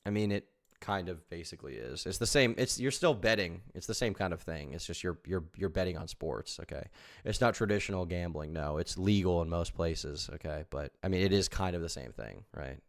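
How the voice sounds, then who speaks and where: Rambling low-voiced male streamer. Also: fairly quick. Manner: rambling, repeats himself, sudden loud bursts. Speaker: streamer reacting to a podcast. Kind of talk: live stream reaction commentary.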